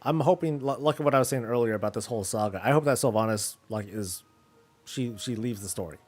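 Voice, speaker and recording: A man's voice: mid-range voice, a little fast, a little mellow. A man streaming a casual chat about games, rambling with many fillers and restarts.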